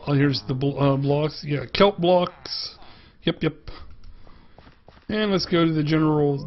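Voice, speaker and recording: Slow-talking man with a Pittsburgh accent. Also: a little high, muffled recording. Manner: chatty, greets game animals playfully. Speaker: game reviewer. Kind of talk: casual gameplay commentary.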